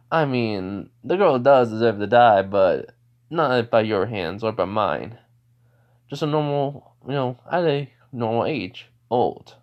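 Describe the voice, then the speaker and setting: A man's voice: mid-range voice, close to an everyday voice. A man voicing a cocky teenage boy ninja hero in a brash, taunting way, in a dull lo-fi recording.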